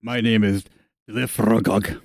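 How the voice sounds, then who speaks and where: Man voicing an ancient stern lizard wizard, gruff, slow, pondering hums, low voice, dry close sound. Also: fairly even intonation, a little mellow, no echo.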